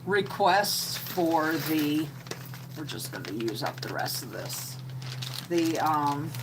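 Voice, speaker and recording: A middle-aged woman, hosting a live stream with slow, homey chatter and greeting viewers by name. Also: low-pitched, noisy background. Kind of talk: casual live-stream chat.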